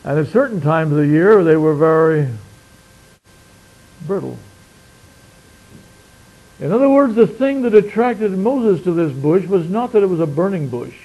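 Male preacher, sermon, fairly high voice, loud then hushed, slow stressed scripture quotes. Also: animated, lo-fi sound. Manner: swings from loud emphatic declaiming to quiet murmured asides.

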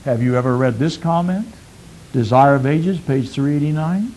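A man preaching a sermon, asking his listeners questions and repeating phrases, swinging from loud emphatic peaks to quiet low asides. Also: normal speed, rough recording.

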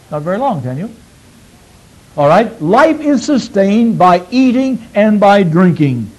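A man preaches a sermon, posing questions to his listeners and repeating phrases as he swings between loud, emphatic peaks and quiet, low asides. His voice has a breathy edge, and the recording is rough.

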